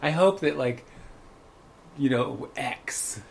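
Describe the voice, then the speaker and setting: Chatty man with a gravelly voice. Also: mid-range voice, slow pace, a little hiss or hum. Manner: chatty storyteller, animated when quoting. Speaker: podcast co-host. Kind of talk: casual chat.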